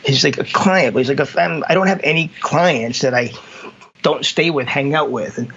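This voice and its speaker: Gravelly man, dull lo-fi sound. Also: a little high, normal speed, a bit bright. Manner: storytelling with acted quotes, many restarts. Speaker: consultant. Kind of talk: casual conversation.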